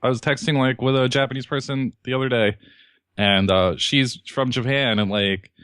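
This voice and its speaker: A man's voice: medium pitch, steady tone, normal speed, a bit bright, smooth, no echo, studio quality. A man co-hosting a podcast in casual chat, ranting in a profane, exasperated way. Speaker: podcast co-host.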